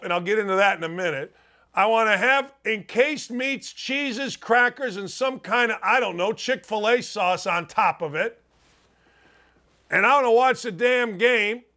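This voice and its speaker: A man's voice: very high voice, bright, forceful tone. A man around sixty from Indiana hosting a sports talk show, delivering an emphatic, folksy and digressive monologue. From Gary, Indiana.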